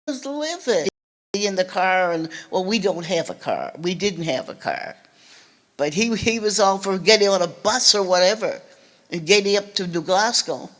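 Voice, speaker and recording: An older woman from Nova Scotia giving a talk, telling a family story in a halting, earnest way and often repeating or restarting her words. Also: on the low side, animated. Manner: earnest, recounts family memories. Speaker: guest speaker.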